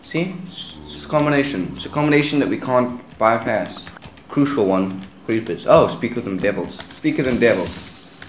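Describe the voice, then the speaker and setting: A man's voice: medium pitch, lively intonation, normal speed, reverberant, a little hiss or hum. Young man chatting over his game. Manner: chatty, talks to viewers as guys. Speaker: gaming channel host. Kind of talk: casual game commentary.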